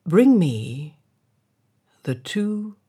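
Woman doing god, solemn, slow, husky, measured, storybook. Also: lowish voice, big pitch swings, warm tone, pitched above the performer's own voice, heavily acted. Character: solemn God, male, calm.

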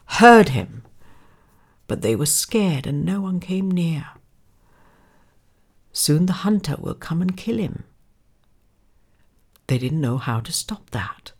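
Slow, expressive woman storyteller. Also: deep voice, slightly rough. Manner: expressive, dramatic, sometimes hushed. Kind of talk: children's story narration.

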